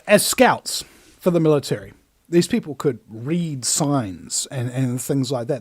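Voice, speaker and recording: A New man hosting his own show, ranting emphatically and with scorn. His voice sits high for a man and swings widely in pitch as he drives each point home. The sound is close and dry, with no room around it. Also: darkish tone, no echo. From New Zealand. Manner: emphatic and scornful, acts out other people's voices. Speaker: host. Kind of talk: ranting monologue.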